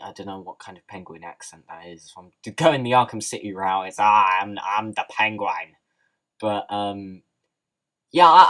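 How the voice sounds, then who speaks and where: A man's voice: on the low side, a bit bright, low-quality recording. A man giving a casual, rambling TV episode review, opinionated and full of restarts.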